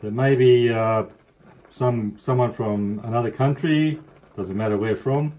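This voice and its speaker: Easygoing Australian man with mellow voice. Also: medium pitch, a little slow, a little hiss or hum, rough recording. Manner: chatty, rambling, easygoing. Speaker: cooking vlogger. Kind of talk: casual cooking demonstration. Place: home kitchen.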